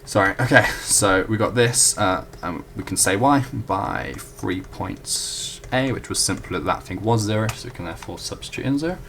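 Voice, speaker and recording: Low gravelly young man explaining math. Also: expressive, normal speed, few pauses, fairly bright tone, a little hiss or hum. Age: young adult. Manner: chatty, self-correcting, apologetic asides. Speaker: student tutor. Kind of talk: casual whiteboard math walkthrough.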